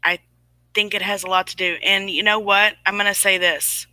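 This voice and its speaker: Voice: mid-range voice, level tone, moderate pace, sharp tone, no echo, poor audio. A host in their forties giving a rambling, emphatic livestream talk and answering viewers' chat comments through a webcam or phone mic. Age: 40s.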